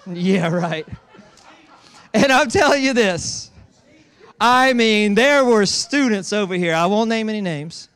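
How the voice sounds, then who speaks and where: A man's voice: sits high, takes it slowly, pauses often, clean tone, some chatter behind. A man preaching a sermon in a church, telling stories with playful teasing. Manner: animated storytelling with playful teasing. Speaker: pastor.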